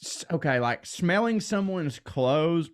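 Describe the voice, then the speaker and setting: Man, podcast co-host, slightly raised pitch, loose profane banter, laughs easily, a little high. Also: takes it slowly. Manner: rambling, profane, laughs often, gets excitable.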